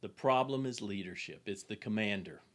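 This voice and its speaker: A man voicing a steady younger male general while retelling a film scene, speaking low, quiet and measured. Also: natural voice. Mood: grave.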